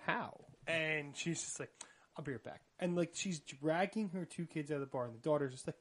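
A young man telling an awkward dating story in a casual podcast chat, animated and often laughing. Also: fairly high pitch, fairly quick. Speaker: podcast co-host.

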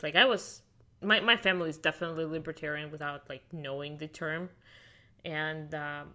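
A woman's voice: sits low, sharp tone. A woman who learned English as an adult, telling her story to a podcast host in a chatty way with lots of "like" fillers. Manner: non-native English speaker, fluent, with many fillers like "like". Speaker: podcast guest. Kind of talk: casual conversational storytelling. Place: lives in Miami, United States.

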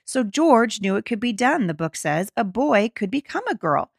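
Indignant woman with a gravelly voice. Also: on the high side, big pitch swings, normal speed, no room sound, clean studio sound. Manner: indignant, emphatic, with frequent restarts. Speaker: podcast host. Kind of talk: commentary reading an article aloud.

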